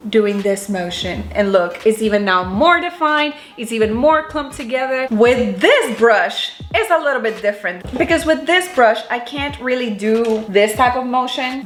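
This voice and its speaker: A woman vlogger giving a casual hair-styling how-to, chatty, cursing offhand and talking to herself as she goes. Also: on the high side. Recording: roomy echo with faint music.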